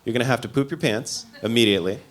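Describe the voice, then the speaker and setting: A man's voice: mid-range voice, very fast, close to an everyday voice. Weary drug-using buddy, put on by a man. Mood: warning. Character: weary male buddy, longtime drug user, warning.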